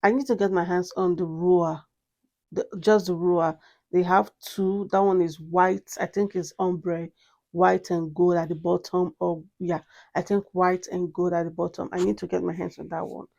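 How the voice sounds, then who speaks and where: A woman's voice: on the low side, flat delivery, normal speed, vocal fry, dark tone, lo-fi sound. A woman reviewing a perfume in a casual vlog, gushing and repeating herself with many exclamations. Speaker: fragrance reviewer.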